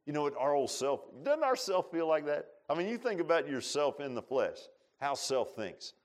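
Folksy preacher, rising and falling. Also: male voice, sing-song. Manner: folksy, swings from loud pleading to low asides; acts out quotes with drawn-out voices. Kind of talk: sermon.

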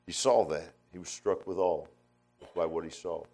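A man preaching a sermon in a folksy, conversational way, swinging between emphatic outbursts and hushed asides. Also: sits low, fairly even intonation, moderate pace, faint music behind.

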